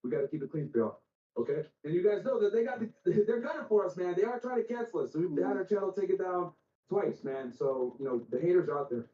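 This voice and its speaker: A man's voice: sits high, animated, quick pace, warm tone, roomy sound, distant mic, lo-fi sound. A man hosting a podcast, chatting casually with slang and swearing, loose and full of fillers. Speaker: podcast host.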